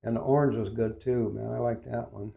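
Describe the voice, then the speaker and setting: A man's voice: medium pitch, steady tone, fairly quick, gravelly, dark tone, a little hiss or hum. Direct a profane, blunt middle-aged man in an echoey room. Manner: profane, blunt, laughs often. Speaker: podcast host. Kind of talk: casual crude chat.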